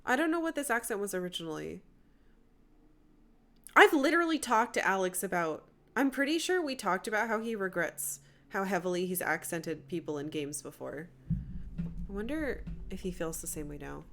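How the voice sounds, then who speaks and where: A woman's voice: medium pitch, lively intonation, moderate pace, a bit bright. A young woman streaming a game, chatting casually in a self-deprecating way, with game music behind.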